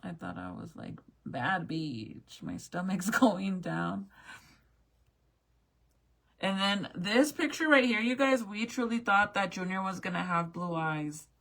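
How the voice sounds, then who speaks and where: A woman's voice: medium pitch, slow pace, creaky, a bit bright. A young woman chatting casually with viewers as she looks back through old family photos, swearing now and then. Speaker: mom vlogger.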